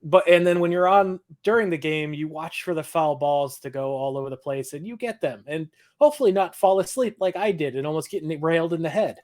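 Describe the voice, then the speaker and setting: A man's voice: fairly high pitch, a little fast, hardly any pauses, a little mellow. Blunt, laid-back young man. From Ohio, USA. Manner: laid-back, blunt, swears and laughs often. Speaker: podcast co-host. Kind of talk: casual chat recapping a TV episode.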